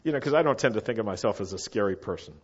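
Husky-voiced middle-aged man telling stories. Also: lowish voice, very fast. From United States. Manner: animated, chatty, asks listeners to follow along. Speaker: storyteller. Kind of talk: casual anecdotal storytelling. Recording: dull lo-fi recording.

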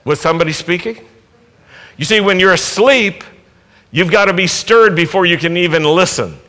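Male preacher, slightly high and forceful voice, unhurried sermon delivery, emphatic calls to the congregation. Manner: emphatic, building to loud exhortations; asks the congregation rhetorical questions. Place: worship service.

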